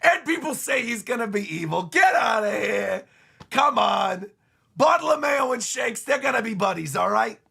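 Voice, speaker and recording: A man streaming a comic reaction live, excitable and emphatic, who often repeats himself. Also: very high-pitched, moderate pace, vocal fry, husky, shouting.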